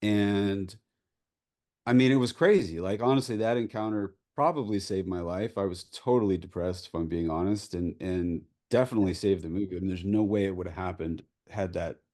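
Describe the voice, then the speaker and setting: A man tells a candid story as a filmmaker guest at a Q&A. He swears freely and keeps the telling lively and animated. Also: sits low, normal speed. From US Pacific Northwest. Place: post-screening Q&A.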